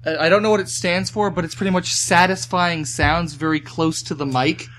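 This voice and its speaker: A man's voice: a little high, fairly even intonation, normal speed, fairly bright tone. A young man, the host's son, chatting in an offhand, casual way. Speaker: host's son, guest on the show.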